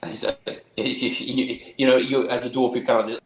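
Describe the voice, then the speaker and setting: A man's voice: mid-range voice, little pitch movement, normal speed, reverberant, poor audio. A man running a tabletop game, describing the scene in a rambling, chuckling way. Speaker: game master.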